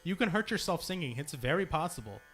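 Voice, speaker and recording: A man's voice: fairly high pitch, very animated, fast, fairly bright tone, soft background music. A young man at a temple, teaching a congregation how to practice long sung notes, encouraging and demonstrating as he goes. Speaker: temple singing leader. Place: temple hall.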